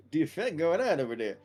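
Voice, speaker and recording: A man's voice: on the high side, very animated, a little fast, a little mellow, soft background music. Casual young man running a tabletop game. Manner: casual, laughing often, many fillers. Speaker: game master.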